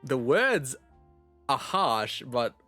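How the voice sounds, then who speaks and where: A man's voice: mid-range voice, very animated, very slow, bright, forceful tone, faint music behind. An Australian man chats casually as he streams a game. He rambles, laughs often and swears freely. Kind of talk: casual livestream gaming chat.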